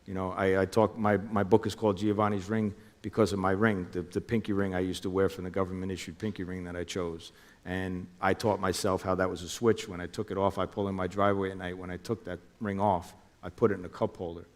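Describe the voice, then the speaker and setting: Low-voiced man telling his story. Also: quick pace, big-room sound. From New Jersey. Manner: animated, acts out phone calls in quoted voices. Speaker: former undercover officer. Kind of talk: interview storytelling.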